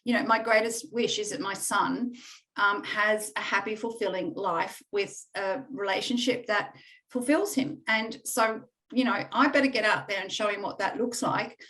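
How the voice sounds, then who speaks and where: A woman's voice: mid-range voice, moderate pace, fairly bright tone, low-quality recording. Reflective woman talking with many fillers. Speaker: coaching client. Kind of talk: candid testimonial conversation.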